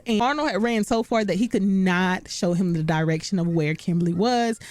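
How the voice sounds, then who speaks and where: A woman's voice: mid-range voice, a little fast, hardly any pauses, no echo. Chatty woman doing a sitcom recap, talks right at you, dry close sound. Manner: chatty, animated, talks straight to viewers. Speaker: recap host. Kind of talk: casual recap commentary.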